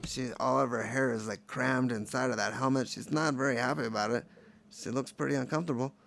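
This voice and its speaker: A man's voice: mid-range voice, fairly even intonation, fairly quick, vocal fry, fairly bright tone, slight background noise. A man casually commenting on his own paintings in a playful, rambling, jokey way. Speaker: painter showing his work.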